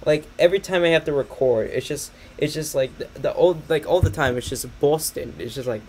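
A man's voice: fairly high pitch, fairly quick, few pauses, darkish tone, a little hiss or hum. A young man rambling through a train catalog on a stream, sarcastic and swearing a lot, laughing often. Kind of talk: casual commentary over a catalog.

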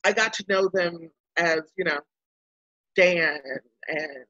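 A woman's voice: lowish voice, slow, no room sound, lo-fi sound. A woman from Baltimore, a guest in a casual interview, telling a story animatedly and acting out what people said. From Baltimore, United States. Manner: animated storyteller who acts out quotes.

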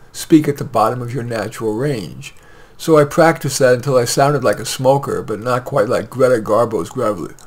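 A man reading his own short story aloud in a plain, measured way with light hesitations. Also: mid-range voice, a little mellow.

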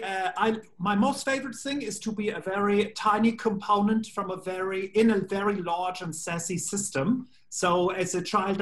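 A man with a German accent, answering interview questions in a playful, jokey way with deadpan asides. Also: sits high. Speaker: voice actor being interviewed. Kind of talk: casual video-call interview.

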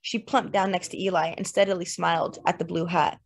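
A woman narrating a literary novel in the first person, measured and lyrical. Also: fairly low pitch, steady tone, creaky. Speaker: audiobook narrator. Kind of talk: literary fiction reading.

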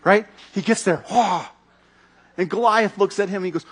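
Husky, high-voiced man preaching. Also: moderate pace. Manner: animated storytelling, acting out scenes. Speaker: pastor. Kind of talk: sermon.

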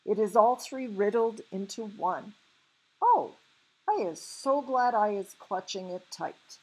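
A woman's voice: mid-range voice, animated, slow, slight background noise, rough recording. A woman doing an agitated big friendly giant. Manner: mangled words, loud exclaiming. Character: big clumsy kind male giant, distressed.

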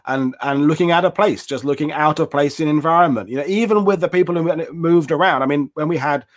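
A man's voice: a little high, a little fast. A man hosting an interview, talking casually and repeating words as he thinks. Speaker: host.

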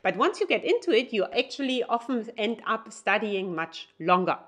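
A German woman teaching her language on video in English with a German accent, upbeat and encouraging, slowing down to spell out German phrases. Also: medium pitch, big pitch swings, fairly bright tone. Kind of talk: YouTube language lesson.

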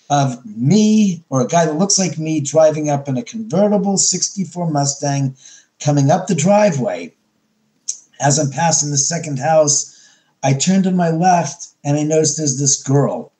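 Animated man telling a story, mellow voice. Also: on the high side. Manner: animated, acts out his own quotes with many restarts. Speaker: podcast guest. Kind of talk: storytelling interview.

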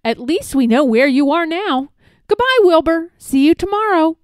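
A woman's voice: high-pitched, animated, normal speed, no echo, studio quality, pitched above the performer's own voice. A woman voicing a cheerful, teasing patchwork elephant in a storybook read-aloud. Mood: playful.

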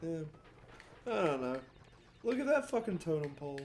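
A man's voice: a little high, big pitch swings, normal speed, darkish tone, slight background noise. A young man co-hosting a let's play, crude and sarcastic, swearing constantly in casual gaming banter.

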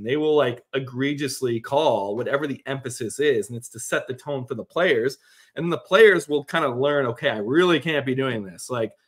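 Rambling man talking sports. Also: mid-range voice. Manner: animated, rambling with fillers. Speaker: podcast co-host. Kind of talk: casual sports chat.

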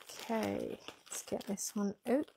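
A woman's voice: medium pitch, wildly swooping pitch, takes it slowly, vocal fry. Woman rambling on a livestream, chatty, faint hiss behind, lapel mic. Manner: chatty, rambling, reads out viewer comments. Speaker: yarn shop owner hosting a packing livestream. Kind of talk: casual livestream chat. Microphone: pinned lapel mic.

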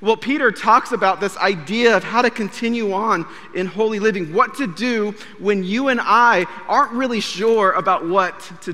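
A man in his thirties, a pastor, preaching a sermon and telling a story, acting out quoted dialogue with animated delivery. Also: high voice, in a large hall. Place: church sanctuary.

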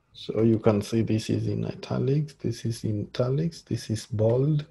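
A man teaching a screen-share coding tutorial as a lecturer, talking slowly and haltingly with many fillers. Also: medium pitch, creaky, dark tone, slightly rough.

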